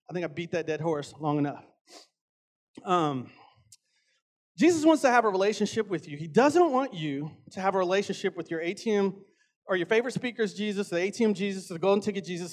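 A man, a lay preacher and father, giving an earnest, emphatic sermon in a church, repeating phrases for stress. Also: high-pitched.

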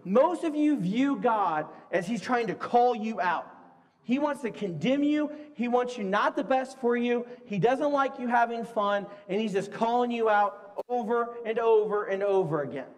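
High-voiced preacher in a reverberant hall. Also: male voice, moderate pace. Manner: lively, conversational, acts out quoted voices. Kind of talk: sermon with audience games.

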